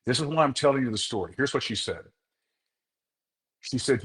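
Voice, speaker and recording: A man's voice: mid-range voice, animated, normal speed, pauses often, fairly bright tone. A man who works as a chiropractor, telling a story to a group in an earnest, motivational way. He speaks to them directly and repeats words for emphasis. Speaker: chiropractor leading a group session.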